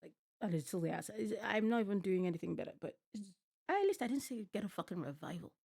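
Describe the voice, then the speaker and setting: This woman's mid-range voice moves quickly, creaky with a breathy edge. Streaming from home at night, she reacts to a TV show in casual chat, animatedly ranting and cursing at the screen.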